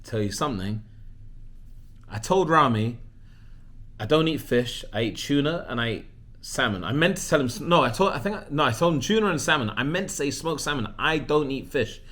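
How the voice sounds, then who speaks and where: A man talking casually to his camera, full of animated, self-mocking storytelling. His voice sits at an ordinary middle pitch. He often drifts into quieter, muttered asides. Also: fairly quick. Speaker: vlogger. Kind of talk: casual vlog monologue.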